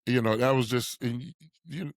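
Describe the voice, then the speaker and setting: A man in his sixties from Ohio appears as a podcast guest, animatedly telling stories in a conversational way and chuckling often. His medium-pitched voice runs a little fast, captured in a clean studio with no echo.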